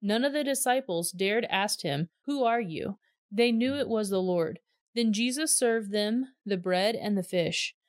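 A woman reading a Bible passage aloud in a clear, measured storytelling voice. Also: mid-range voice, no room sound, studio quality. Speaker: scripture reader.

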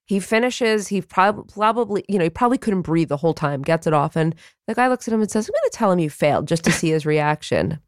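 Low-voiced earnest woman podcast host. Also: a little fast, dry recording, clean studio sound. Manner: earnest, opinionated, frequent restarts and fillers. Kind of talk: conversational podcast discussion.

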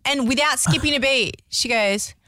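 A woman's voice: high-pitched, normal speed, pushed and bright, no room sound, studio quality. A woman co-hosting a radio show, telling a story with dramatic flair. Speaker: radio co-host. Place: radio studio.

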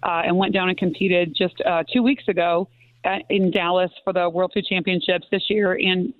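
A woman's voice: on the low side, fairly even intonation, moderate pace, no room sound. A woman pastry chef and business owner answering interview questions, proud and matter-of-fact. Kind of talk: interview answers over the phone. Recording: tinny phone line.

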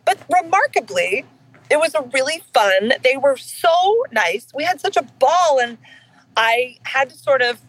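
A woman voice actor chatting in an interview, animated and self-deprecating, laughing often as she tells stories. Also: high voice, unhurried, rough recording. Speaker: voice actor guest. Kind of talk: casual interview chat.

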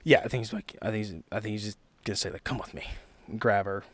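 A man's voice: lowish voice, fairly even intonation, very fast, no echo. A man playing a tabletop role-playing game, thinking aloud about his character with hesitant restarts. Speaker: player. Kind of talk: tabletop role-play, casual.

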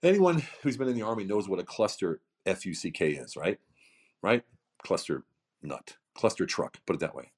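A man's voice: low-pitched, expressive, moderate pace, slightly rough. A middle-aged man giving emphatic motivational podcast talk, full of repetition and rhetorical questions. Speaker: founder of a coaching program, podcast guest.

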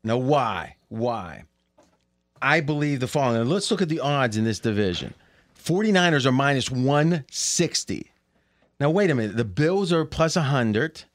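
A man hosting a sports betting podcast, telling stories with lots of laughter and quick restarts. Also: mid-range voice. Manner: animated storyteller, laughs often. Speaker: podcast host. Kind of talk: casual sports betting chat.

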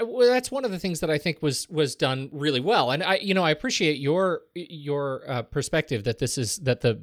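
A podcast host in a casual film discussion, making analytical points emphatically, with the pitch leaping on stressed words. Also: fairly bright tone, no room sound, clean studio sound.

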